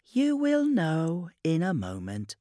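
A man voicing an eerie childlike warp entity that speaks through a boy, in a faint, slow, innocent whisper. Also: fairly high pitch, huge pitch swings, mellow, dry recording, studio quality, pitched above the performer's own voice, full character voice. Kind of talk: audiobook character voice.

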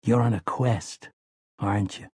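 A man voicing a curious, eager young farm boy, asking soft, eager questions. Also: on the low side, fairly even intonation, unhurried, slightly rough, no room sound, studio quality. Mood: earnest.

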